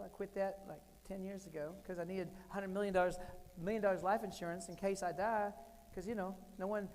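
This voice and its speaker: A fairly high-pitched man in his forties delivers a keynote, spinning comic stories with animated swings and loud punchlines. His voice rings out with the long reverb of a large hall. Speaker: keynote speaker. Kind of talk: storytelling keynote speech.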